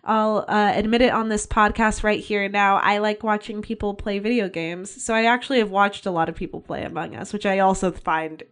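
A woman in her twenties co-hosting a podcast, playful and quick to laugh in casual chat. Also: mid-range voice, fairly even intonation, a bit bright, smooth. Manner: playful, laughs easily, chatty asides. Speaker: podcast co-host.

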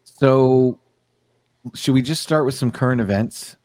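A man's voice: mid-range voice, unhurried, darkish tone. A man hosting a casual podcast, reading news aloud with a sardonic edge. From United States. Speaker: podcast host.

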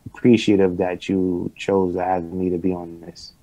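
A man's voice: low voice, level tone, moderate pace, warm tone, poor audio. A man appearing as a guest in a casual video-call conversation, talking bluntly and emphatically, with plenty of swearing. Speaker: podcast guest.

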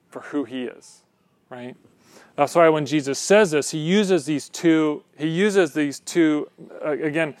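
A man's voice: on the high side, dry recording. A man preaching a sermon in a conversational way, often checking in with "right?".

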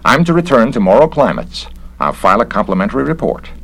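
Man doing an obedient android, crisp, dutiful, raised pitch, gravelly. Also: very animated, quick pace, fairly bright tone, heavily acted. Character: obedient male android copy of an inspector.

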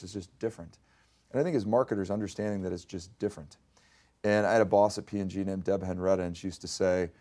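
Male CEO, 50s, low and gravelly, animated storyteller in a business interview. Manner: animated storyteller, acts out quoted dialogue.

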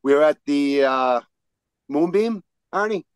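A high-pitched man spins a rowdy old story among friends, swearing freely and bursting into shouted quotes. His voice sits close and dry, with no room around it. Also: unhurried, smooth, no room sound, poor audio. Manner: animated, profane, shouts out quotes mid-story.

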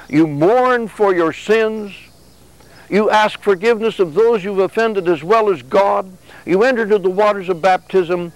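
Man, high-pitched voice, sermon, conversational preaching, acts out exchanges. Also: no room sound, low-quality recording. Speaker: religious speaker.

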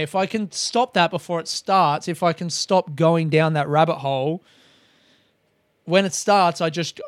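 A comedian podcast host with a slightly high, smooth voice and no echo delivers a casual, rambling monologue. He swears often and makes fun of himself.

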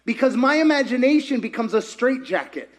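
Animated preacher, man with a high voice. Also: a little fast. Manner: animated, rhetorical questions to the congregation. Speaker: pastor. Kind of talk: sermon.

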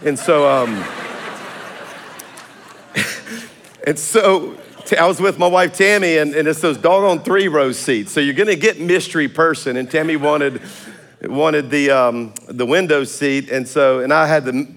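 A male pastor preaching a sermon in a church auditorium, telling stories with laughs and big swings in loudness. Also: on the high side, unhurried.

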